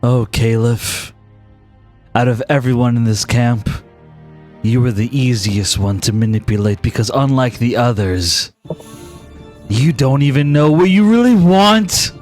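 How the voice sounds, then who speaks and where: A man's voice: mid-range voice, steady tone, measured pace, darkish tone, soft background music, pitched below the performer's own voice, natural voice. A man voicing a scheming vampire leader who taunts with a smirk and barks orders to his underlings. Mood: smug. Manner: silky and smirking, then barking orders. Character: scheming male vampire leader, smug and cruel.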